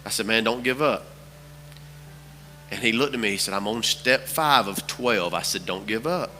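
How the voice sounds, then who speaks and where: A man's voice: on the low side, moderate pace, sharp tone, in a large hall, soft background music. A man preaching a sermon as pastor, telling a story with repeated phrases for emphasis. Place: church sanctuary.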